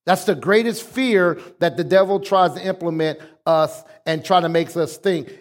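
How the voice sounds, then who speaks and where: Male pastor with a high voice, preaching with emphatic call-and-response. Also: normal speed. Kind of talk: sermon.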